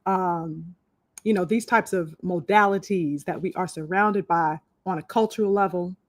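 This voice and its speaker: On her live podcast, a woman with a fairly low voice talks at a normal speed, with no echo in the recording. Casual and chatty, she restarts sentences and leans on fillers while saying hello to viewers by name.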